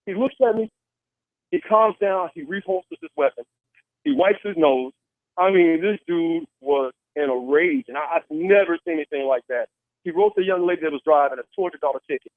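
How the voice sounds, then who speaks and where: A man calls in to tell a personal story, earnest and full of restarts. His voice sits fairly high and comes through a tinny, phone-like line with no room sound. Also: animated, fairly quick, no echo. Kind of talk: personal story told on a call-in show.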